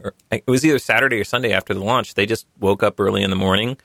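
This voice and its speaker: A male tech podcast host races along in a fairly low, creaky voice on a dry recording. Relaxed and chatty, he reads a sponsor spot conversationally and jokes around with his guests.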